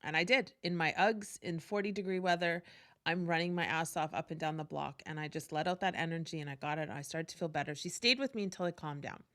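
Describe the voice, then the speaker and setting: A woman's voice: sits low, quick pace, a bit bright. A woman hosting a podcast, telling a personal story in a casual, candid way with profanity and frequent asides. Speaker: podcast host.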